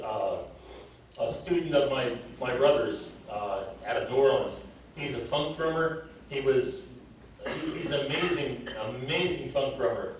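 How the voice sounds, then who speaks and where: An older man leads a drum clinic, coaching players through drills and telling stories between them, a little out of breath. He is picked up from a distance in a big, very reverberant hall, with a soft room hum behind him. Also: mid-range voice. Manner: coaching, counting off and storytelling. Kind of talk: live drum clinic teaching. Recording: distant mic in echoey hall.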